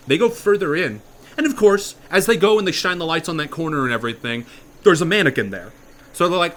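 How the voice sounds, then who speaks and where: A man improvising a horror story in a casual, profane way, dropping to a hush and then getting loud. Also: on the high side, expressive, quick pace. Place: virtual reality chat room.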